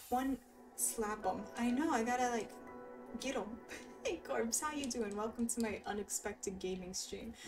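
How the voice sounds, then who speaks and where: A woman's voice: fairly high pitch, far from the mic. A woman chatting casually and giggling with her viewers while she streams a video game. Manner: giggly, chatty, reacts to chat. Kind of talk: casual gaming stream chat. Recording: voice a bit off-mic over game music. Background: game music.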